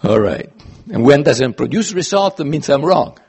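A man's voice: mid-range voice, sing-song, normal speed, vocal fry, slightly rough. A man preaching a sermon in an earnest, emphatic way, his voice swelling and dropping as he stresses points. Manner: earnest, emphatic, with sudden rises and drops in loudness.

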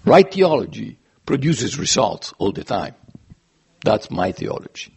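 Delivering an earnest, emphatic sermon, this man speaks at a measured pace in a fairly low voice with big pitch swings, a creaky texture and a breathy edge. His loudness rises and drops suddenly as he stresses his points.

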